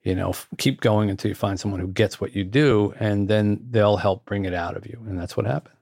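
An author and guest telling a story in an earnest way, with repeated phrases and restarts. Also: male voice, on the low side, fairly quick, gravelly, a little mellow, no echo, studio quality. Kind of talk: anecdotal storytelling.

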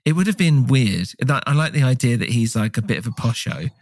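A man co-hosting a casual film podcast, rambling and swearing with lively asides. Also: medium pitch, brisk, no echo. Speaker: podcast co-host.

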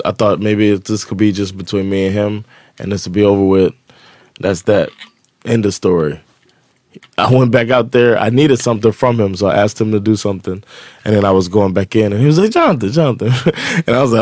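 Male podcast co-host, lowish voice, dry close mic, lively storyteller who acts out dialogue. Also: a little fast, no echo. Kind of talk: casual chat.

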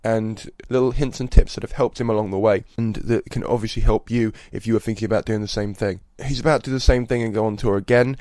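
A man's voice: on the low side, steady tone, quick pace, few pauses, darkish tone, dry recording. A man hosting a podcast, giving a chatty, earnest spoken introduction. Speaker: podcast host.

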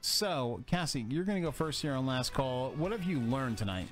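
A man's voice: mid-range voice, expressive, moderate pace, faint music behind. A man hosting a casual podcast who laughs often and trades crude jokes with his co-host.

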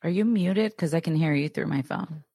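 Husky low-voiced woman, blunt. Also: normal speed, warm tone, no echo, studio quality. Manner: blunt, swears casually. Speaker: podcast co-host. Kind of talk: casual chat.

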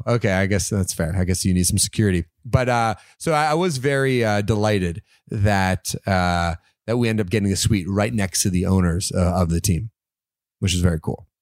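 A man's voice: fairly low pitch, dry recording, clean studio sound. A young adult man from Canada, co-hosting a podcast, telling a story in casual chat, laughing and swearing as he goes. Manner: animated, laughing, swears freely. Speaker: podcast co-host.

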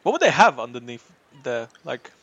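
A man's voice: mid-range voice, big pitch swings, normal speed, a bit bright, husky, dry recording, heavily acted. A man playing a curt sea-dwelling Triton, dull lo-fi sound. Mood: eager. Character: male Triton from the deep sea.

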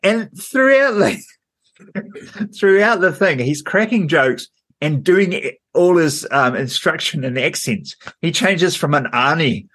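A man's voice: fairly high pitch, expressive, slow pace, a bit bright. A man co-hosting a podcast, telling a rambling story in casual chat with lots of fillers and frequent laughter. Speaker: podcast co-host.

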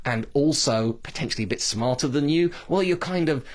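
A man's voice: a little high, lively intonation, brisk. British guy riffing on his podcast, chatty and wandering, strong opinions. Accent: British English. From Britain. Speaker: podcast host. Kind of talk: casual podcast monologue.

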